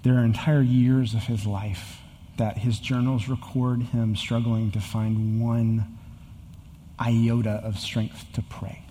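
A man's voice: medium pitch, flat delivery, slow, warm tone, in a large hall, a little hiss or hum. A man in his thirties preaching a sermon as a pastor, earnest and building to emphatic repetition. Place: church sanctuary with long reverb.

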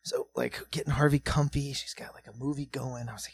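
A man in his thirties hosting a comedy podcast, telling a story casually with lots of swearing. He drops to a hush and then gets loud as it builds. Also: mid-range voice, a little fast, vocal fry, slightly rough. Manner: profane, animated, swings between hushed and loud.

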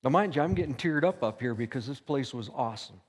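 An older man tells a personal story to a church group. He talks conversationally and acts out his own thoughts aloud. His medium-pitched voice rings with the long reverb of a church hall. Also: lively intonation, quick pace, slightly rough. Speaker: church teacher.

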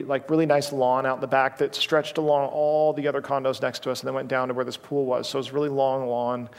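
A man in his thirties, a pastor giving a sermon in a relaxed, conversational storytelling way with many fillers. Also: fairly high pitch. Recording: long reverb of a large hall.

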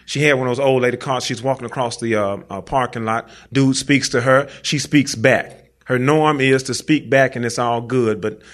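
A man of ordinary pitch tells a personal story onstage to a live audience. His delivery is casual and full of slang, and he speaks directly to the listeners. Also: steady tone, normal speed, fairly bright tone. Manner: casual slangy conversational telling, talks straight to the audience.

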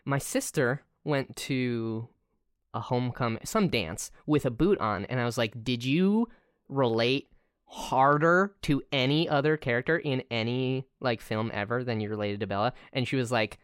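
A woman's voice: a bass voice, normal speed, clear, resonant tone, no room sound. A young woman co-hosting a podcast in casual chat, wry, with dry jokes and facts read out. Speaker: podcast co-host.

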